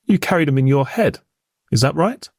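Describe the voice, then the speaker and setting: A man cross-examining a witness in a formal, probing manner, pressing with pointed questions. His pitch rises and falls a lot as he presses, and the sound is close and dry with no room around it. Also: lively intonation, normal speed, a little mellow, no room sound. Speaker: prosecuting barrister in reenactment. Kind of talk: courtroom cross-examination reenactment.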